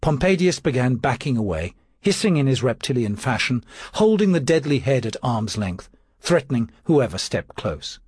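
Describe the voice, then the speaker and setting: A man's voice: mid-range voice, sing-song, normal speed, a little mellow, breathy edge, dry recording. A man narrating an audiobook with a dry, wry manner.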